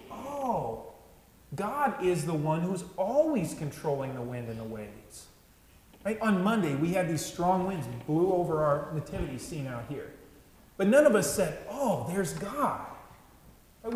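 A man, a pastor, preaching a conversational sermon with frequent asides to the congregation. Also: on the high side. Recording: echoey church with long reverb.

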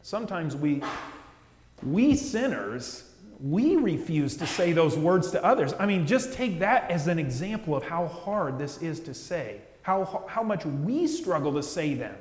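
A man preaching a sermon as pastor, talking directly and earnestly to the congregation and dropping to soft, hushed phrases for emphasis. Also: on the high side, sing-song, unhurried, a little hiss or hum. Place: church sanctuary. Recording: echoey church with long reverb.

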